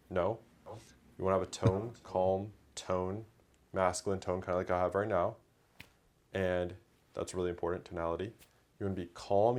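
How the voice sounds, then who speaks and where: A man coaching viewers in an instructional video monologue, with a steady, coaching delivery. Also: low-pitched. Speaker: dating coach.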